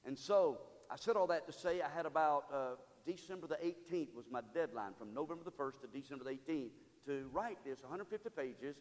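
A pastor preaching a sermon in a church, building from storytelling to loud call-and-response exhortation. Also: male voice, on the high side, lively intonation, brisk, hardly any pauses, big-room sound. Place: church sanctuary.

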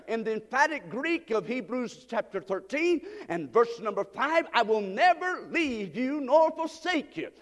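A male pastor preaching a sermon, building up to fervent shouted passages. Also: very high-pitched, big pitch swings, a little slow, hardly any pauses, in a large hall.

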